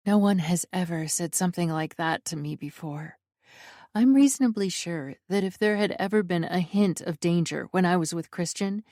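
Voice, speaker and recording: A woman narrating a first-person romance audiobook in a wry, expressive way, close to the mic. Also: fairly low pitch, dry recording.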